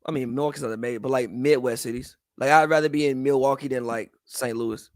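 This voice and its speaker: A man co-hosting a casual podcast, animated and laughing as he talks. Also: mid-range voice, fast. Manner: animated, laughing, quotes others. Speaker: podcast co-host. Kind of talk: casual chat.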